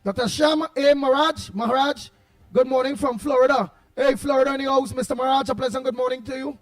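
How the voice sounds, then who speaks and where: High, husky Trinidadian man bantering. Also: steady tone, fast, no echo, studio quality, faint music behind. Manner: loud, playful banter. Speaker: host greeting live viewers. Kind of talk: casual live-stream chat.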